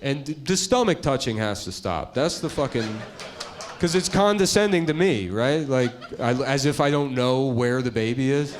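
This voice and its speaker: A middle-aged man doing stand-up comedy, riffing crudely in a deadpan way that sinks to mutters. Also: mid-range voice, normal speed, a little hiss or hum. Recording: audience laughter behind. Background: crowd laughing.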